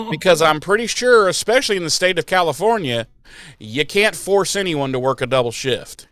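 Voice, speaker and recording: A man hosting a podcast, casually retelling an episode with animated mocking voices for the characters and plenty of swearing. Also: high-pitched, moderate pace, no echo. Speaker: podcast host.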